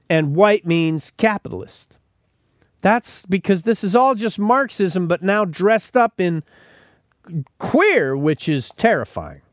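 A man's voice: sits high, no room sound, clean studio sound. A man hosting a podcast, delivering emphatic opinionated commentary and often repeating words as he starts sentences. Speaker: podcast host.

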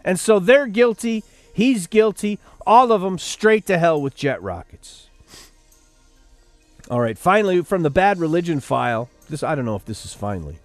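A man's voice: sits high, sing-song, normal speed, dry recording, soft background music. A man hosting an opinionated news commentary show, sarcastic and preachy, rising to fiery outbursts. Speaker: radio host.

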